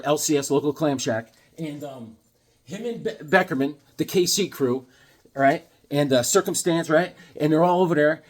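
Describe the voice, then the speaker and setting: A man hosts a comic book video, spinning silly tales in a loose, rambling way that keeps restarting its sentences. His voice is husky, with a breathy edge, and sits a little high for a man. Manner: rambling, animated, lots of fillers and restarts. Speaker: comic book channel host. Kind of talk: casual storytelling vlog.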